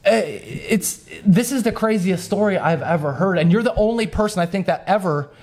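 Young male podcast host, slightly high voice, animated storyteller who laughs through his tale. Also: normal speed. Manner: animated, laughs while telling, acts out voices. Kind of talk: casual storytelling.

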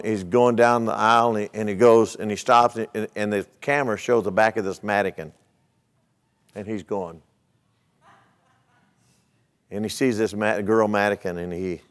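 A man's voice: on the low side, clear, resonant tone. A male pastor preaching a sermon, retelling a story in a folksy way and asking the congregation rhetorical questions.

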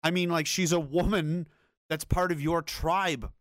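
A man's voice: on the high side, fairly even intonation, unhurried, no room sound, clean studio sound. A man hosting a video commentary, ranting in an angry, blunt and profane way. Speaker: commentary host.

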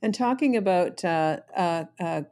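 A woman's voice: fairly low pitch, lively intonation, unhurried, a little mellow. A woman hosting an interview, asking questions with many stops and restarts. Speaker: interview host. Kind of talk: casual interview.

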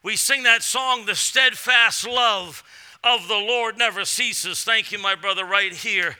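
High-voiced shouting preacher from Massachusetts. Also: male voice, measured pace, clean tone. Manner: shouting bursts, drops to quiet storytelling. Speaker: guest preacher. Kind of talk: sermon. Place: church platform.

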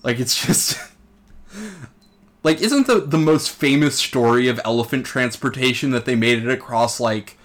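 A man's voice: medium pitch, unhurried. Laid-back young man rambling on a podcast. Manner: laid-back, rambling, many fillers and laughs. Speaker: podcast co-host. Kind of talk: casual podcast chat.

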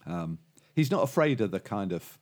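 A man's voice: lowish voice, sing-song, moderate pace, darkish tone. A man co-hosting a podcast, chatting casually and telling jokes with lots of fillers and restarts. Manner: rambling storyteller, lots of fillers and restarts, laughs at own jokes. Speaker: podcast co-host. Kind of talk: casual chat.

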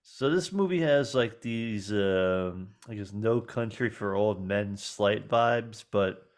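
Low-voiced man rambling about movies. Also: takes it slowly. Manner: relaxed, rambling, repeats himself. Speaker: podcast co-host. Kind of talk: casual movie commentary chat.

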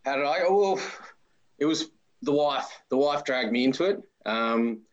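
A man in his forties with an Australian accent, a podcast guest telling relaxed, friendly stories. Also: medium pitch, unhurried, dull audio. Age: 40s. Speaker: interview guest, amateur footballer. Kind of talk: casual interview storytelling.

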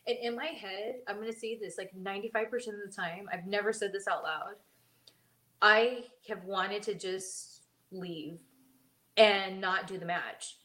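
Animated woman telling wrestling stories. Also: measured pace. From Mexican heritage. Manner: animated, acts out quoted voices with big pitch jumps. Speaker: podcast co-host; former wrestler. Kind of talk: casual storytelling chat.

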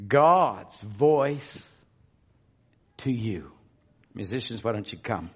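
A man preaching a sermon, repeating phrases and swinging from hushed tones to shouts. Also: mid-range voice, animated, slow pace, breathy edge, dull audio.

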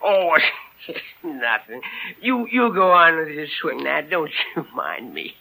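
A rambling, tipsy uncle from a 1940s radio play. He draws out pompous, slurring speeches in a high, swooping voice. The tone is gravelly and very bright. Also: sing-song, slow, heavily acted, rough recording. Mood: teasing. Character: boozy, jovial, rambling middle-aged uncle.

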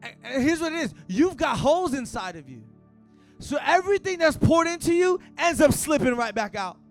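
A man preaching a sermon at a church service in casual, slang-filled talk that rises to shouts. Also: very high voice, very animated, normal speed, soft background music. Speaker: pastor.

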